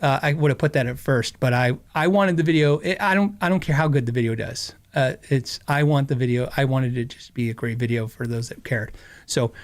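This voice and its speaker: A man's voice: mid-range voice, brisk. A middle-aged man hosting a podcast, telling a story in a casual, rambling way, laughing often and acting out quotes. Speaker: podcast host.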